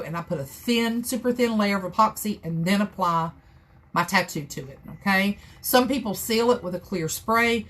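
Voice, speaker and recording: A woman with a Southern US accent talks viewers through a craft project in a loose, chatty way. Her mid-pitched voice is folksy and rambling as she works along live. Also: a bit bright. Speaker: crafter hosting a live tutorial. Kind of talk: casual how-to chat.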